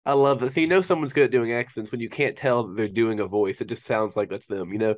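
A man's voice: mid-range voice, fast talker. A man hosting a podcast interview, eager and encouraging toward his guest. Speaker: podcast host. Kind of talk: casual interview chat.

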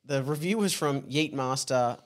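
A man's voice: medium pitch, moderate pace. A man co-hosting a comedy podcast, chatting casually with jokey asides. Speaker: podcast co-host. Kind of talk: casual comedy chat, reading a parody novel aloud.

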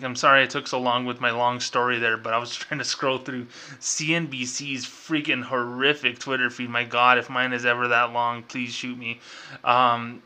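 Man, podcast host, very bright piercing tone, mid pitch, exasperated casual rant, sarcastic, lots of um and you know. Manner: exasperated, sarcastic, many fillers and restarts. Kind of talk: casual ranting commentary.

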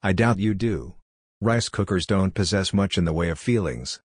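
A man's voice: sits low, animated, moderate pace, breathy edge, no echo. A man voicing a flustered, defensive young male kitchen dishwasher in a story reading.

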